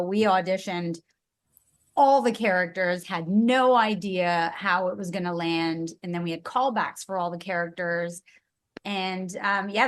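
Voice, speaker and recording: Bubbly, chatty voice actress. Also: female voice, on the low side. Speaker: voice actress, guest. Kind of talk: casual interview chat.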